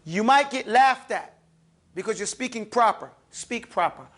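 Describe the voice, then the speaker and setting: A man's voice: very high voice, expressive, normal speed, a bit bright, a little hiss or hum. A man teaching Quran recitation, leading call-and-response drills of letters and correcting pronunciation.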